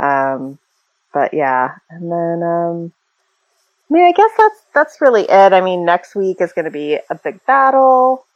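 A woman's voice: sits low, dry recording, lo-fi sound. A woman co-hosting a casual fan podcast, chatting and speculating freely, with many fillers and small laughs. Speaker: podcast co-host.

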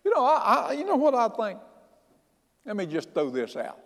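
A man's voice: very high-pitched, huge pitch swings, moderate pace, fairly bright tone, in a large hall. A man preaching a sermon as pastor, folksy and emphatic, often starting with "hey" and restarting lines.

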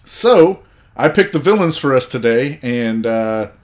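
A man's voice: mid-range voice, lively intonation, measured pace. A man hosting a podcast in casual banter, swearing freely and laughing between jokes. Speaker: podcast host.

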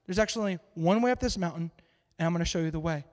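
A man voicing God as an easygoing figure who quietly explains the way in a relaxed, confiding tone. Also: fairly high pitch, very fast, pitched below the performer's own voice, lightly acted. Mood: calm. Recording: long reverb in a large hall.

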